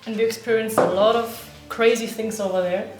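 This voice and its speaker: Giggly young woman, slightly high. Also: steady tone, a little fast. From Germany. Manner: giggly, uses filler "like" often. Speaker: co-host. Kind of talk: casual chat. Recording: echoey room.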